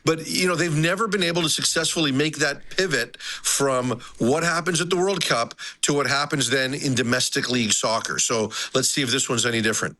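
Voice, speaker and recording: A man talking sports as a guest analyst, chatty and quick to add "right?" and "you know". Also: medium pitch, sharp tone. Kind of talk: casual sports talk.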